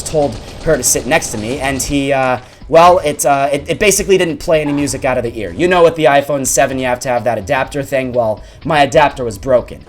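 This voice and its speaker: Animated young man telling a story. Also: fairly high pitch, a little hiss or hum. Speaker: gaming channel host. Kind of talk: storytelling over gameplay.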